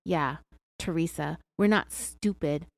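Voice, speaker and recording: A woman's voice: low voice, takes it slowly, gravelly, dry recording, studio quality. A woman with an American accent hosting a true crime podcast, telling the story in a sarcastic, chatty way. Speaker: podcast host.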